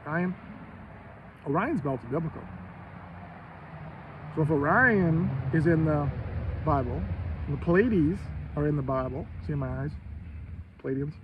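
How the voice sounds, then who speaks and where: A man in his fifties from Maine, talking in a rambling, profane casual monologue with loud bursts of emphasis. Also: on the high side, animated, unhurried, pauses often, lo-fi sound, slight background noise. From Maine, USA. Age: 50s. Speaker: host.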